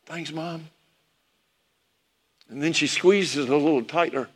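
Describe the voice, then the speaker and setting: A man's voice: fairly high pitch, fairly quick. A preacher telling a sermon story, reminiscing about his parents. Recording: long hall reverb.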